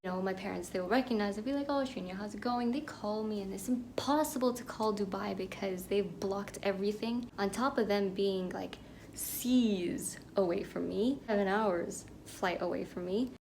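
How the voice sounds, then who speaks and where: A young woman from Pakistan telling a personal story in a candid, animated monologue that drops into whispered asides. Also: medium pitch, moderate pace, a little hiss or hum. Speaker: podcast host.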